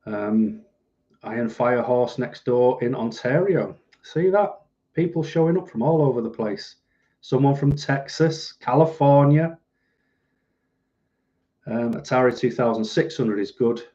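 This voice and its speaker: A middle-aged man rambles through a casual live stream from home, poking fun at himself as he answers viewers. His voice is dark and mellow, and the webcam audio comes through a bit dull and lo-fi. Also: medium pitch, a little slow. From United Kingdom. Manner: rambling, self-deprecating, reads out viewer comments.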